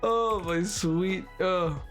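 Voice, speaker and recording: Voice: mid-range voice, extremely slow, a bit bright, soft background music. A game streamer chatting live with viewers, giggling and breaking into laughing fits between lines. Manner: talking to chat.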